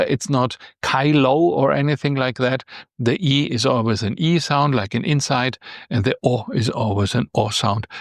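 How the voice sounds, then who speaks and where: A man teaching a beginner language lesson, explaining patiently step by step and lifting his pitch on key points. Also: no echo, studio quality.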